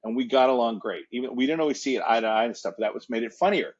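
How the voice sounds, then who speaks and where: A male actor and producer appears as a guest, speaking rapid-fire in a husky, medium-pitched voice on a muffled recording. His casual anecdotes ramble, and he often repeats words and restarts.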